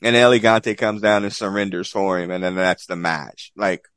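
A man's voice: low voice, moderate pace, fairly bright tone, smooth, dry recording. A man casually recapping an old wrestling event as a podcast co-host, rambling with lots of fillers and swearing.

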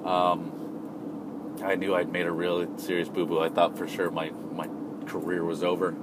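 A man's voice: deep voice, little pitch movement, moderate pace, very noisy. A man telling a casual personal anecdote in a rambling, self-deprecating way, often restarting his sentences. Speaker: storyteller.

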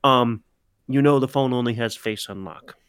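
A young man co-hosting a casual podcast, telling animated, swear-filled stories in a relaxed chat. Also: medium pitch, normal speed, clean tone, no echo. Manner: animated storytelling, swears, mimics himself. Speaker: podcast co-host.

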